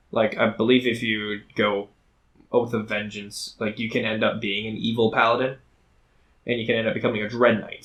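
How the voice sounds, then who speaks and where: A man's voice: fairly low pitch, a bit bright. A man co-hosting a podcast in casual chat, rambling with lots of fillers as he tells game stories. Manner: chatty, rambling with many fillers. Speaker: podcast co-host and dungeon master.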